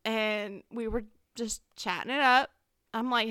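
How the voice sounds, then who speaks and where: A woman's voice: fairly high pitch, fairly even intonation, unhurried, bright, forceful tone, clean tone, no room sound, clean studio sound. A woman co-hosting a podcast, telling a story in a playful, laughing way. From Kansas. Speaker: podcast co-host. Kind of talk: casual chat.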